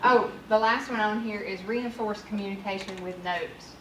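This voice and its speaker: Heard from far off in an echoey, noisy training room, a woman with a medium-pitched voice runs a casual workshop. She talks at a normal speed in a frank, conversational way.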